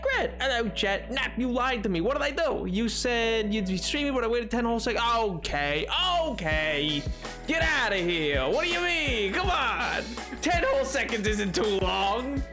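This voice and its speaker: Lively sing-song livestream host. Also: mid-range voice, unhurried. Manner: playful, sing-song greetings, reads chat aloud; frequent laughs and mock exclamations. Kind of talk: casual livestream chat. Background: faint music playlist.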